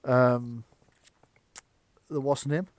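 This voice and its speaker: A man narrating and running a tabletop horror game as game master, chatty and quick to laugh. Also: medium pitch, steady tone, darkish tone, no echo. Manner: chatty, laughs often, slips into quick character voices.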